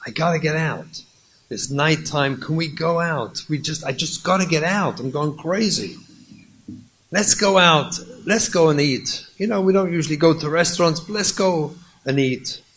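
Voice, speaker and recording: A man voicing a wife cooped up at home, weary and plaintive, turning shrill with exasperation. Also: moderate pace, a bit bright, a little hiss or hum, close to an everyday voice. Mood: weary pleading.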